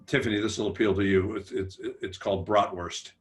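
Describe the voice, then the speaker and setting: Older male humor writer, very low voice, rambling self-deprecating anecdotes on a panel. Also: steady tone, brisk. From United States. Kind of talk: relaxed anecdotal storytelling.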